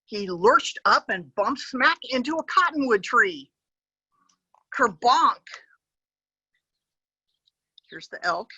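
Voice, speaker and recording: A woman reading a picture book aloud to children as a park educator, gently pointing to the pictures and adding animal sound effects. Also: fairly high pitch, big pitch swings, a little slow, hardly any pauses, slightly rough, no room sound, dull audio.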